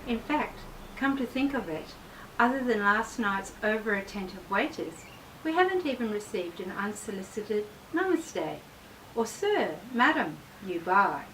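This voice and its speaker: Woman author, measured expressive reader; recorded set back from the mic. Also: mid-range voice. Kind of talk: reading aloud from her own memoir. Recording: distant mic with faint background noise.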